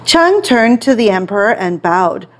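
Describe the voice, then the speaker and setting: A woman teacher reading an English picture book aloud to children, with an expressive, clear read-aloud manner. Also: medium pitch, unhurried.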